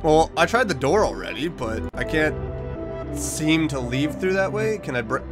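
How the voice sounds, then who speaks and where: A man giving let's play commentary, thinking aloud and bursting into high-pitched, confused panic. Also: sing-song, moderate pace, music in the background. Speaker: game streamer.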